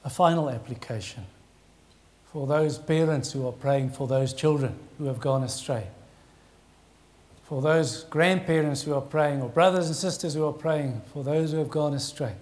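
A man, a pastor preaching an earnest, pleading sermon with dramatic pauses. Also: on the high side, a little mellow.

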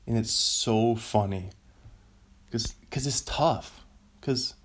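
A man hosts a loose solo chat, drifting between thoughts at an unhurried pace. He breaks off mid-sentence often and chuckles at his own tangents. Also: fairly low pitch, a little hiss or hum. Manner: meandering, self-interrupting, laughs often. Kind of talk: rambling solo casual chat.

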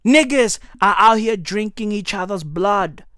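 A woman giving a comedic rant, incredulous and exaggerated, often breaking into shouts. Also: mid-range voice, a little slow, no echo, clean studio sound. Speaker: comedic commentator.

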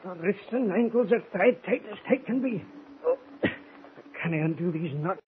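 An actor playing a loyal, stubborn Scottish sailor who pleads earnestly in broad dialect, in 1940s radio acting. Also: male voice, high voice, lively intonation, normal speed, narrow, tinny audio, a little hiss or hum. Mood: straining.

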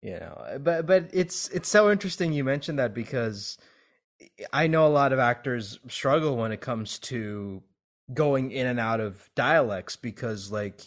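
A man interviews a voice actor in casual conversation. He speaks at a middle pitch and hesitates often, stumbling through restarts and fillers. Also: lively intonation, unhurried.

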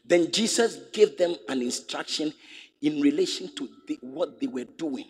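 A man preaching in a husky, high voice that leaps up and down as he presses the congregation with the same questions again and again. His sermon rings out through a large hall with a long reverb trailing each phrase. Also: animated, moderate pace. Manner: emphatic, repeats rhetorical questions to the congregation. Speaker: pastor.

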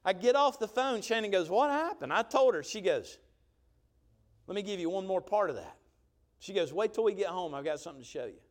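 A man preaching a sermon, telling a story with lively emphasis and often checking in with the crowd. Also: high-pitched, a little fast. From Georgia. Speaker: pastor.

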